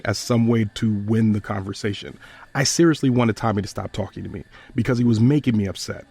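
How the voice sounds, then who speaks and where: A man hosting a podcast, retelling a personal story in a measured, earnest way. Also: mid-range voice, lively intonation, vocal fry, darkish tone, slightly rough.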